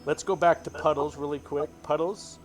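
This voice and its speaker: A man narrating a tabletop game as dungeon master in a relaxed, descriptive way. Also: on the high side, moderate pace, faint music behind. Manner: descriptive, relaxed, filler-heavy.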